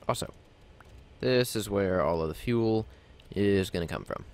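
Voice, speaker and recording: A man's voice: on the low side, measured pace, darkish tone, slight background noise. A man giving casual gameplay commentary, rambling and self-mocking as he talks himself through crafting. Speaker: let's play gamer.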